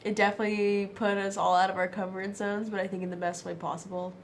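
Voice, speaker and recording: Young American woman with gravelly fry. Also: mid-range voice, little pitch movement, fast talker, hardly any pauses, slight background noise. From United States. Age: young adult. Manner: chatty, lots of "like". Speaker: student interviewee. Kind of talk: casual interview answers.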